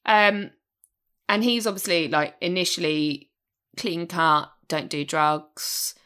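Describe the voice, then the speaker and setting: A woman's voice: fairly low pitch, fairly even intonation, takes it slowly, a bit bright, smooth. A British woman chatting about a film's cast, enthusiastic and prone to repeating herself. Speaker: podcast co-host. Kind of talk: casual film discussion.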